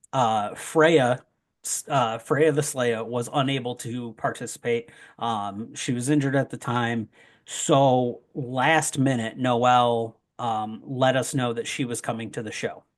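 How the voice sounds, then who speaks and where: A man's voice: mid-range voice, steady tone, slow pace. A young man talking in a casual podcast chat, rambling with joking asides and plenty of fillers. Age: young adult. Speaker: wrestling promoter guest.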